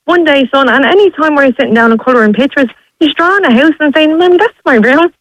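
A woman's voice: sits high, animated, fairly quick, hardly any pauses, no echo, poor audio. A young Irish woman calling in by phone to a radio show, speaking earnestly and pleadingly with many restarts. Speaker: caller.

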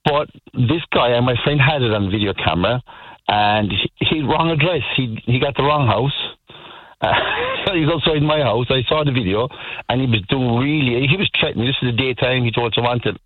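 A man's voice: mid-range voice, a little fast, no room sound. A middle-aged Irish man calling a radio show, telling stories in an earnest, rambling way and repeating himself. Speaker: caller. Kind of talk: radio phone-in chat. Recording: tinny phone line on radio.

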